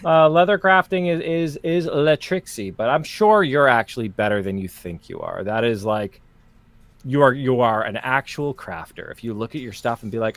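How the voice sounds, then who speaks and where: A young man co-hosting a crafting livestream, chatting casually in a jokey, animated way with frequent restarts. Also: medium pitch, moderate pace, dry recording.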